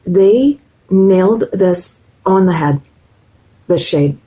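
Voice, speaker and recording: Husky-voiced woman chatting through a makeup tutorial. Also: medium pitch, takes it slowly, mellow, low-quality recording. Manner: chatty, enthusiastic, talks to viewers directly. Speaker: beauty vlogger. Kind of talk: casual makeup tutorial chat.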